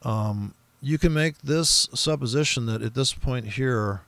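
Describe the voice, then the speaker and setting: A man with a gravelly, mid-pitched voice rambles through a profane, casual commentary on his trades and slips into quick impressions of other traders. The recording is close and dry, with no room sound. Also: a bit bright, no echo. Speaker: forex trader streaming his trading.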